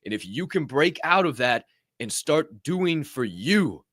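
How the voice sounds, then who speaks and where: A man's voice: on the high side, sing-song, measured pace, a bit bright, dry recording, studio quality. A man hosting a podcast, delivering a fiery, profane motivational monologue in reaction to a clip. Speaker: podcast host.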